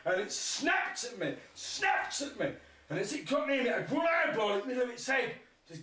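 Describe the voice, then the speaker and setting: High, lively man telling absurd jokes. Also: brisk. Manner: crude absurd one-liners, laughing at his own jokes. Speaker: stand-up comedian. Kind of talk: rambling surreal stand-up. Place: live music festival stage. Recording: echoey, distant mic, faint noise.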